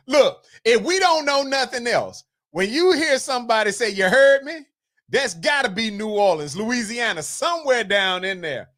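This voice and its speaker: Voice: medium pitch, fairly bright tone. Teasing host with a drawl. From North Carolina, US South. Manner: teasing, chatty, scolds and jokes with viewers. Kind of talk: livestream chat, reading viewer comments aloud.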